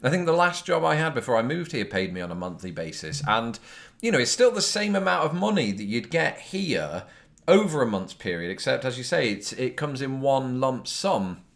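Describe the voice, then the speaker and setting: A man's voice: medium pitch, sing-song, moderate pace, gravelly. A British man hosting a casual viewer Q&A vlog, rambling and self-deprecating, with lots of fillers, recorded on a phone. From Britain. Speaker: YouTube host answering viewer questions. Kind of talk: casual chat.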